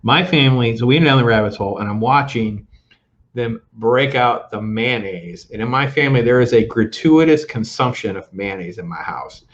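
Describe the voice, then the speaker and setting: A man's voice: mid-range voice, animated, moderate pace, lo-fi sound. An older man hosting a talk show, ranting about food in a casual, joking way. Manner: opinionated, joking rants. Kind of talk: casual chat.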